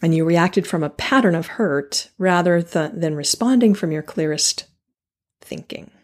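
A woman hosts a solo podcast, speaking earnestly and animatedly in a fairly low, expressive voice at a slightly slow pace. She repeats key phrases for emphasis and restarts her sentences.

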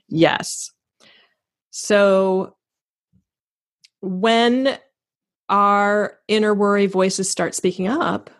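A woman hosts a podcast interview in a slightly low voice. She is animated and self-deprecating, and she laughs often. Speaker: podcast host. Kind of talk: conversational interview.

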